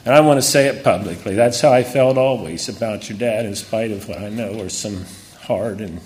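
A man's voice: on the low side, normal speed, a little mellow. A man speaking at a memorial, emotional and earnest, his voice catching as he honors the man who died. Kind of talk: memorial tribute speech.

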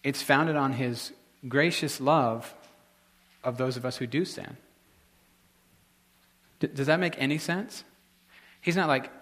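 A man's voice: mid-range voice, a bit bright. A married man preaching a sermon in a casual, conversational way, with frequent restarts and filler words. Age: adult, married. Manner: conversational, halting with many restarts. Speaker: pastor.

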